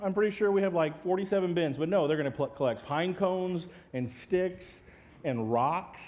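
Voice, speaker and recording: A man's voice: fairly high pitch, normal speed, darkish tone, lo-fi sound, a little hiss or hum. A male pastor giving a sermon, mixing funny family stories with earnest teaching. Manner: humorous storytelling, then earnest teaching.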